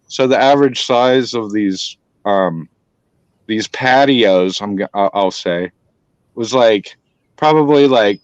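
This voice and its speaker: A man's voice: mid-range voice, no echo. A man casually telling a long hunting story, rambling and swearing, with many restarts. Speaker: storyteller host. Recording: dry, dull lo-fi sound.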